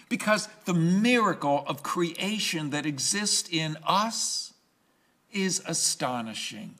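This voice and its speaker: A male pastor preaching a sermon in a slow, emphatic way, pausing and repeating key phrases. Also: a little high, a bit bright.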